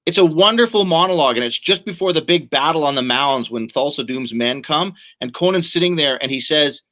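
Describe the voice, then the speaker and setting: A man's voice: on the high side, brisk. A man guest in a casual chat, telling nostalgic stories and acting out favorite film speeches. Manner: nostalgic, animated storyteller. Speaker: guest, comic writer.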